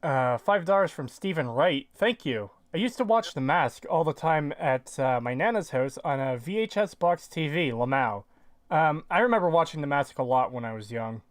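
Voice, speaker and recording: A man's voice: fairly high pitch, animated. A man hosting a livestreamed podcast in casual chat, reading donations and talking to chat in an easygoing way. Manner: slow, easygoing, reads donations.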